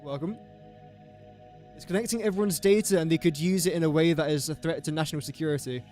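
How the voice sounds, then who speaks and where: A talkative man hosts a casual game live stream, working through numbers out loud and tossing in jokes. His voice sits a touch high for a man, with faint music under him. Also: fast. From England. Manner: thinks aloud while doing sums, chatty and joking.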